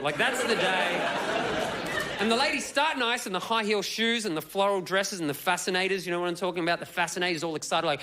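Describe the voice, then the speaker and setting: A man's voice: sits high, a little fast, over a noisy crowd. A young man from Melbourne with an Australian accent, doing a punchy, cheeky stand-up set on a comedy club stage into a handheld mic. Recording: loud live audience and noise.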